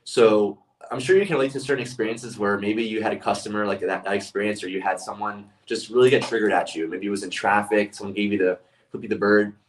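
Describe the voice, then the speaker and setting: Low-voiced man telling a story off-mic. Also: steady tone, fast talker, far from the mic, rough recording. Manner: earnest storytelling, restarts phrases. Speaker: leadership speaker. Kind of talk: casual monologue.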